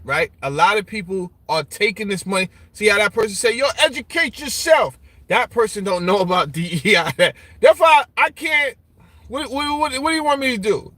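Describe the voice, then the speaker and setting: Guy with a high bright voice, mocking, casual rant answering comments. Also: no echo. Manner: animated, mocking, repeats "you understand?". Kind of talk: casual opinion talk. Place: Brooklyn.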